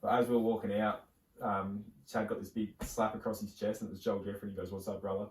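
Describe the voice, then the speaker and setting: A young Australian man co-hosts a podcast, spinning long, rambling stories in casual chat packed with fillers and restarts. His voice is lowish and flat, his pace brisk, with a faint hiss or hum. The mic sits at a distance in a roomy space.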